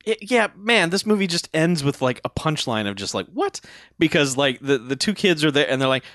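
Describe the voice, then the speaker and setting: A man's voice: on the high side, normal speed, no echo, clean studio sound. A man co-hosting a podcast, joking about a movie and jumping in with laughing asides and voiced quotes. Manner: laughing, animated, jumps in with jokes and voiced quotes. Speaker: podcast co-host. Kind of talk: casual chat recapping a movie.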